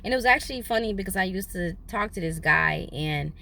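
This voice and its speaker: A young woman recording herself on her phone from inside a parked car. She tells a personal story in a casual, animated way, with a bright, forward voice. A faint hum sits behind her. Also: a little fast, gravelly. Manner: animated, dramatic retelling with big pitch jumps. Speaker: vlogger.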